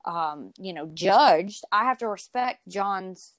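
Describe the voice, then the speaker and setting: A woman's voice: medium pitch, expressive, takes it slowly, no echo, studio quality. A woman from Texas talking as a guest on a recovery podcast, earnest and conversational, often saying "you know" and "like".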